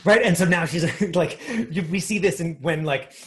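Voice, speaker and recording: A man's voice: on the high side, moderate pace, fairly bright tone. Chatty acting coach man, lots of fillers. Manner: rambling, full of fillers and restarts.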